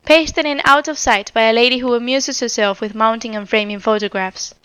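A woman reading a storybook voices a clever young woman detective who speaks quietly, tenderly and with assurance. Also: fairly high pitch, fairly even intonation, brisk, clear, resonant tone, no room sound, dull audio, close to an everyday voice. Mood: assured.

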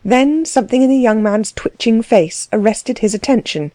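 A woman narrating a novel in an even, measured storytelling voice, close to the mic. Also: fairly high pitch, no echo. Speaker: audiobook narrator.

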